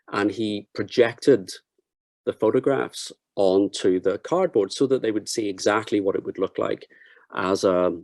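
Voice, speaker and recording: Man guest on an interview, mellow voice, dry sound, relaxed storyteller. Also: fairly low pitch, no echo. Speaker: guest, podcast co-host.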